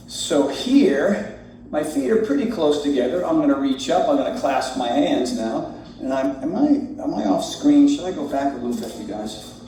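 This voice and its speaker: A man guiding a yoga warm-up, cueing breaths and poses in a relaxed, joking way as he moves. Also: a little high, normal speed. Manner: relaxed, joking, talks while moving through poses. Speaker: yoga instructor. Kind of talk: guided yoga class. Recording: very echoey room, distant mic, faint music.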